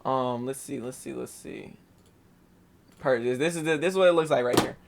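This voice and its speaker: A young man casually recapping his day trade on a screen share, slangy and animated, swearing and saying "boom" a lot. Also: moderate pace, gravelly, noisy background.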